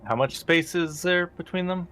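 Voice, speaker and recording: A man's voice: high voice, moderate pace, fairly bright tone, a little hiss or hum. A man playing in a tabletop game, easygoing and offering suggestions to the group. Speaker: player. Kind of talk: casual chat at a tabletop game.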